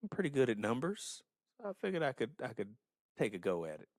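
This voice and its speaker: Gravelly laid-back male podcast co-host. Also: medium pitch, very animated, a little fast, no room sound, clean studio sound. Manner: laid-back, joking, swings from loud to mumbled. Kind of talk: casual podcast banter.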